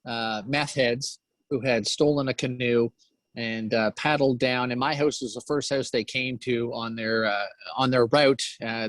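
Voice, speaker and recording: A middle-aged man from New Brunswick, Canada, chats as a guest in an interview. He talks in a halting way, full of fillers and restarts. His voice sits at an ordinary pitch, and the recording is dry and close. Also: a bit bright, no room sound. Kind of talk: casual interview chat.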